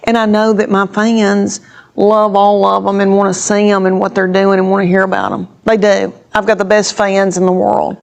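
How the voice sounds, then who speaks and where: A woman's voice: mid-range voice, level tone, moderate pace, gravelly, darkish tone. A woman, a stand-up comedian telling stories in an interview in a chatty, rambling way full of restarts. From Tennessee, USA. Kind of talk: interview storytelling.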